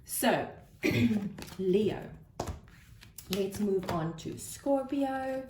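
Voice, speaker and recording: A woman giving a spiritual tarot card reading, soft-spoken and thinking aloud with gentle pauses. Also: mid-range voice. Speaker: tarot reader. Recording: roomy echo with faint noise.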